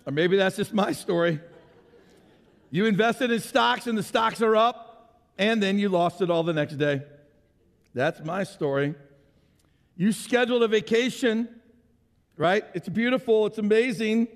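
Male pastor, high voice, lively conversational sermon delivery in a reverberant church hall. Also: a little slow, long pauses. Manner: animated, conversational preaching with sound effects and audience questions.

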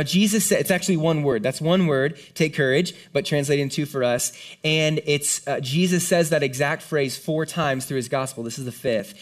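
A man preaching a sermon to a congregation in an earnest, conversational way, with quick asides and acted-out quotes. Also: on the high side. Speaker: pastor. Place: church hall before a congregation.

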